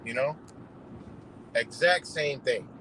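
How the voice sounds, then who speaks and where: A man's voice: medium pitch, takes it slowly, pushed and bright, slight background noise, low-quality recording. A man doing a rambling, profane political rant on a livestream, talking outdoors beside a road. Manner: heated, rambling, heavy swearing. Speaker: livestream host.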